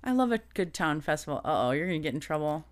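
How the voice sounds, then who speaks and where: A woman's voice: sits low, sing-song, fast, slight background noise. A woman co-hosting a podcast, chatting casually, laughing often and trailing off mid-sentence. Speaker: podcast co-host. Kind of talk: casual chat.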